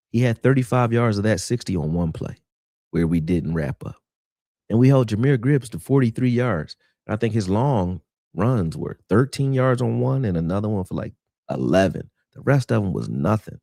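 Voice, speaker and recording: A man hosting a casual live football film breakdown, talking in an animated, argumentative way and answering people in the chat. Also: low voice, gravelly, no echo, clean studio sound.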